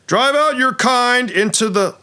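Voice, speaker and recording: A man's voice: extremely high pitch, measured pace, pushed and bright, smooth, voice pushed up, exaggerated voice. A pompous little dwarf paladin, a stage actor who declaims grand vows, as a man puts him on. The voice sits well above the performer's own and rings out bold. This is tabletop game play. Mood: heroic.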